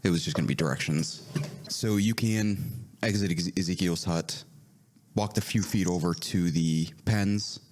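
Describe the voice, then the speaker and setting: A man narrating a tabletop game as game master, relaxed and laughing often. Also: low-pitched, normal speed, slight background noise.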